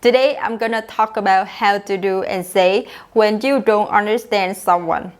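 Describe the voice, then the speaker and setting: A young woman leads an online English lesson. She speaks at a middle pitch, explains each point clearly, and acts out the example phrases. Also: moderate pace. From Vietnam. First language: Vietnamese. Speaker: English teacher.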